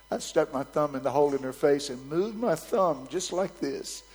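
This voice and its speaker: A man preaching a sermon, telling a story vividly in a frank, conversational way that swings from soft near-whispers to loud, emphatic bursts. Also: medium pitch, animated, a little slow, slightly rough, low-quality recording.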